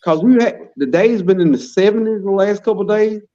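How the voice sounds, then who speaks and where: A man's voice: sits high, a little fast, mellow, dull audio. A man from Pennsylvania chatting casually on a live stream, eager and laughing with stammering restarts. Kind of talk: casual chat.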